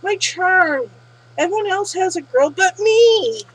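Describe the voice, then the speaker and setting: A woman's voice: extremely high pitch, animated, slow, pitched above the performer's own voice, heavily acted, low-quality recording. A woman voicing a young male idol who whines that his charm isn't working. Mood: whiny. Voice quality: whiny.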